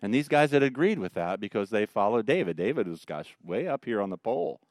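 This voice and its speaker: A male pastor, preaching a sermon in an animated, joking way. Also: on the low side, a little fast, no echo, clean studio sound. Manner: animated, joking storyteller who mocks the Pharisees.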